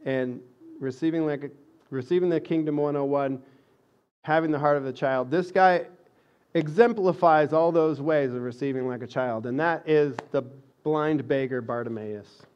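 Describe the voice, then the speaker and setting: A man's voice: fairly high pitch, moderate pace, clean tone, lo-fi sound. A man preaching a sermon in a conversational way, growing emphatic when he reads scripture aloud. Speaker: pastor.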